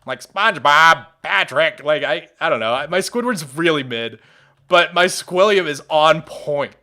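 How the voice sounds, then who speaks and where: This young man's fairly high voice is animated and a bit bright, moving at a moderate pace as he chats with his stream audience. He rambles, often starts sentences over and laughs frequently.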